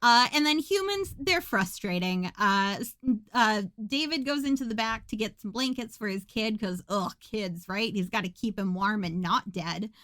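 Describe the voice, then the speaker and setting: A woman's voice: medium pitch, animated, normal speed, hardly any pauses, a bit bright, dry recording. A woman co-hosting a podcast, recapping a film in a sarcastic, joking way and laughing often. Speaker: podcast co-host.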